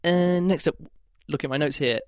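A man's voice: a little high, moderate pace, clean tone, no room sound, studio quality. A man giving a casual spoken book review in a rambling, hesitant way, with lots of "like" and restarted phrases.

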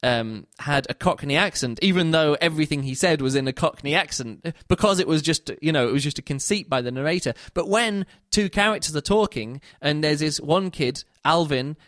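A man's voice: a little high, expressive, fairly quick, few pauses, fairly bright tone, no echo, studio quality. Rambling man reviewing a book. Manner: rambling, self-correcting, many restarts. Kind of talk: casual spoken review.

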